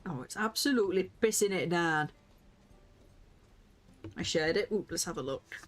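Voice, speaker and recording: A woman, chatting excitably and giggling as she streams a game and talks to her viewers. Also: lowish voice, normal speed. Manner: excitable, giggly, reacts aloud and chats with viewers. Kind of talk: casual live-stream game commentary.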